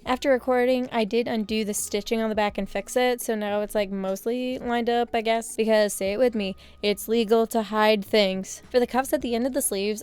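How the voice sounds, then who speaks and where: A young woman narrating a sewing vlog in a casual voice-over, with deadpan, self-mocking jokes. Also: medium pitch. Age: young adult. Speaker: sewing vlogger.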